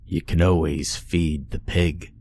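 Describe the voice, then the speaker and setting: A man voicing a grinning, softly menacing male captor who talks in a folksy, unhurried drawl. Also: extremely low pitch, little pitch movement, gravelly, a little hiss or hum, heavily acted. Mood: sly menace.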